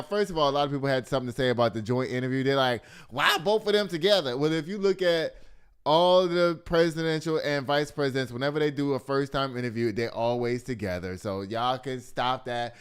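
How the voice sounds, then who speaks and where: Smooth-voiced man giving casual news commentary. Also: mid-range voice. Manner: chatty, addresses viewers as y'all, swears freely. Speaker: host of a gossip and news commentary show.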